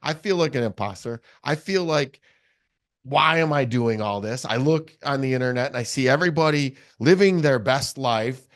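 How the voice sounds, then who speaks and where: A man's voice: medium pitch, normal speed. A man hosting a casual podcast interview, earnest and self-reflective as he asks direct questions. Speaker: podcast host.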